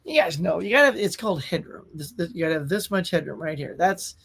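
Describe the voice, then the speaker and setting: A man hosts a relaxed live stream from his own room at home. He talks in an easygoing, chatty way and calls out viewers by name. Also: a little high, fast, vocal fry, husky. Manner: laid-back, chatty, greets viewers by name. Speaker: host of a pop culture live show. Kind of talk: casual livestream chat.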